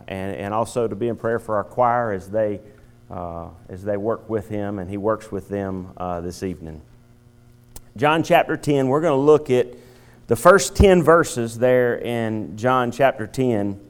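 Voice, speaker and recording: A male pastor giving a sermon, pausing often with fillers as he makes announcements and tells a story. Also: medium pitch, smooth. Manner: halting, many filler pauses.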